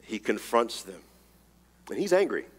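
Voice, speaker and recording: A man's voice: fairly low pitch, husky, big-room sound. A man preaching a sermon, emphatic and casual, reading scripture and telling a story. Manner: animated, rapid-fire emphatic delivery, casual slang.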